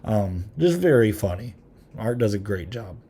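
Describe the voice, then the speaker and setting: A man with a lowish, mellow voice talks through a movie review in an easygoing podcast chat. He rambles, leans on plenty of "um"s and "you know"s, and chuckles now and then as he goes. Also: very animated, normal speed, slight background noise. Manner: rambling, many filler ums. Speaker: podcast host.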